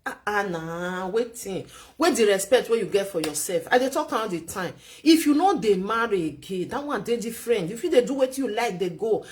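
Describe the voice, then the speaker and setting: A woman's voice: medium pitch, lively intonation, a little fast. A woman with a Nigerian Pidgin accent giving relationship advice in chatty, lecturing commentary, repeating points for emphasis. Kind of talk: casual commentary.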